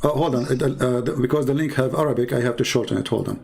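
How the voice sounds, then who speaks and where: A man's voice: medium pitch, fast talker, gravelly, a little mellow. A man hosting a live online call-in debate who talks in a pressing, challenging way and cuts in over the caller. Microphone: computer call setup.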